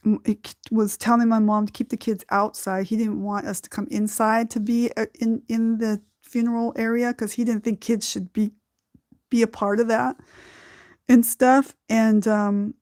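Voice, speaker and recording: Slow, heartfelt woman podcast host. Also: mid-range voice, a little mellow, no echo, clean studio sound. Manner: slow and heartfelt, laughing often through her story. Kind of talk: emotional personal storytelling.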